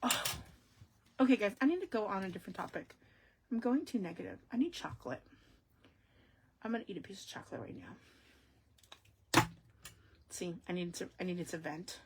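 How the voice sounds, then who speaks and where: A woman hosting a casual crafting live stream, talking straight to her viewers with sudden loud exclamations and hushed asides. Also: medium pitch, lively intonation, moderate pace, pauses often, a little hiss or hum.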